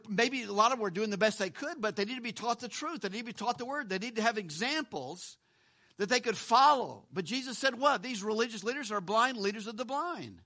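A man's voice: sits high, sharp tone. A man pastor preaching a sermon in a conversational way, repeating words and asking rhetorical questions.

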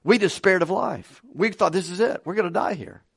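A man preaching a conversational Bible study sermon with animated delivery and frequent chuckles. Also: high voice, fairly quick, gravelly, husky, no echo, studio quality. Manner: conversational, animated, laughs between points.

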